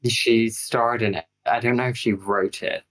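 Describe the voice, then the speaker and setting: A man's voice: medium pitch, steady tone, normal speed, fairly bright tone. A man in his late twenties co-hosting a casual film podcast, reaching for his words with lots of "like". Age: late 20s. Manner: loose, searching phrasing full of "like". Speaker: film review podcast co-host. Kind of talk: casual film review chat.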